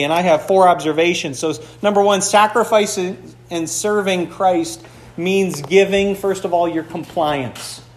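A man's voice: high-pitched, echoey room. A man from the Upper Peninsula of Michigan, preaching a conversational sermon with playful asides, recorded in a church. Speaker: pastor.

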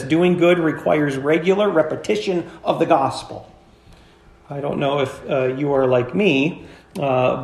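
A man's voice: on the high side, darkish tone, roomy sound. A man preaching a sermon as pastor, emphatic and asking the congregation questions. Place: church sanctuary.

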